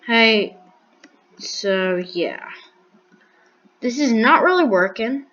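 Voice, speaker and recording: A woman's voice: a little high, lively intonation, extremely slow, fairly bright tone, dull audio. A woman giving casual commentary while building in a block game, thinking aloud with restarts, counting blocks and making dry sarcastic jokes. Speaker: gaming video creator.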